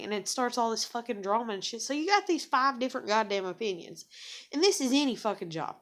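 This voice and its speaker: A woman's voice: mid-range voice, fast talker, a bit bright. A young woman vents straight to the camera, cursing freely and circling back on herself. Her talk is loose and sarcastic, packed with "like" and "you know", and she pokes fun at herself as she goes. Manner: profane, rambling, heavy with "like" and "you know"; sarcastic, self-mocking. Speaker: vlogger. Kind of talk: casual venting monologue.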